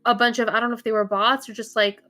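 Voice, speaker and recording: A woman's voice: a little high, little pitch movement, quick pace, pushed and bright, faint music behind. A young woman, a VTuber guest, chatting casually and rambling with frequent laughs. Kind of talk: casual chat.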